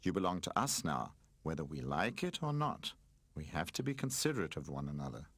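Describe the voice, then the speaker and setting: Man doing a gentle cushion toy. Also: rumbling low, big pitch swings, fairly quick, slightly rough, dry recording, voice pushed down, exaggerated voice. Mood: soothing. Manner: soothing, mild. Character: gentle cuddly cushion toy, calm and caring.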